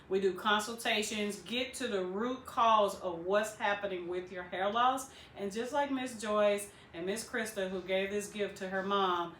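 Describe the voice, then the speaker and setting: A woman's voice: medium pitch, a bit bright, a little hiss or hum. A woman who runs a hair clinic, hosting a client testimonial and speaking directly to viewers in an upbeat, promotional way. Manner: upbeat, direct, keeps addressing viewers with "listen" and "you guys". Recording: echoey room.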